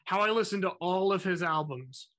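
A man co-hosting a podcast, telling a story in a lively, self-mocking way. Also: sits high, normal speed. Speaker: podcast co-host. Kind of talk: casual storytelling chat.

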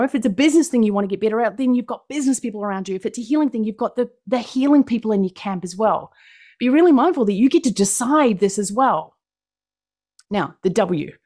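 A woman's voice: mid-range voice, mellow. Exuberant New Zealand woman speaker. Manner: exuberant, emphatic, repeats phrases for punch. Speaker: motivational speaker. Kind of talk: motivational presentation.

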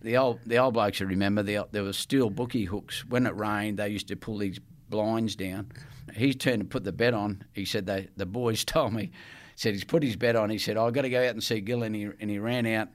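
A man's voice: lowish voice, steady tone, moderate pace, hardly any pauses. A middle-aged man with an Australian accent, a guest telling rambling stories in casual chat, often laughing and restarting. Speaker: guest, former player.

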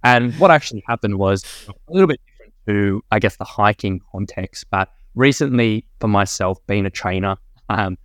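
Australian male guest, low-pitched, quick, dry close sound. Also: a bit bright, dry recording. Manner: fast, enthusiastic storytelling with many fillers. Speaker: guest, personal trainer. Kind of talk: casual podcast chat.

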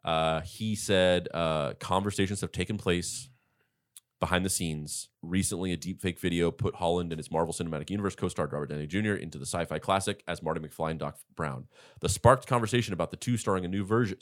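Deep-voiced man telling rambling stories. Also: fast. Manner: rambling, animated retelling with many fillers. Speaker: podcast host. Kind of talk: casual storytelling chat.

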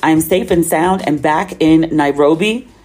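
A woman's voice: low voice, normal speed, music in the background. An American woman hosting her own podcast, telling travel stories in a chatty, slangy way and acting out the dialogue. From United States. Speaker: podcast host. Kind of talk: casual solo podcast monologue.

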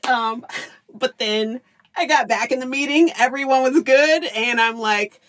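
A woman's voice: high-pitched, measured pace, a bit bright. A woman in her thirties, a working mother, telling candid stories as an interview guest, laughing often and acting out her own past lines. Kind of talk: candid storytelling.

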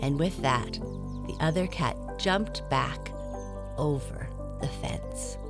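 A woman reading a children's story aloud in a gentle, expressive storytelling manner. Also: deep voice, slow. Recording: clear music behind voice.

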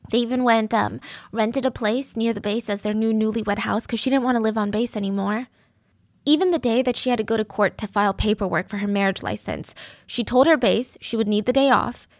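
A woman's voice: mid-range voice, no echo, clean studio sound. A woman narrating a true crime case in a casual, conversational way, earnest and openly moved.

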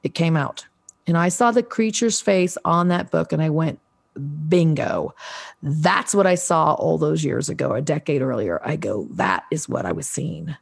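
Woman in her 60s, a guest telling her own story, slightly low voice, animated, plays the other voices. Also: moderate pace, creaky, slightly rough. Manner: animated, acts out quoted voices, restarts often. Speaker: podcast guest, psychic. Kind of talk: casual storytelling interview.

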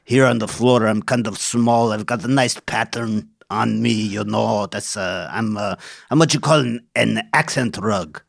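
A man voicing a small patterned floor rug with a deadpan, mumbling delivery. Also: on the low side, unhurried, vocal fry, dry recording, clean studio sound.

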